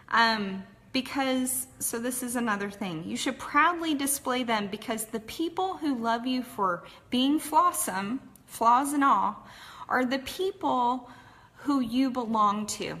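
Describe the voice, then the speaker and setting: A woman's voice: a little high, fairly bright tone. A woman from Texas with a Texas accent, telling her personal story in a candid, chatty way with frequent fillers. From Texas, USA. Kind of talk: casual personal story talk.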